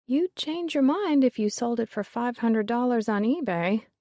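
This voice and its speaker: A woman voicing a shrewd middle-aged mother who talks in a hushed, dryly sarcastic way. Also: on the high side, lively intonation, moderate pace, no echo, studio quality, voice pushed up, close to an everyday voice. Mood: knowing. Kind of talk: audiobook character reading.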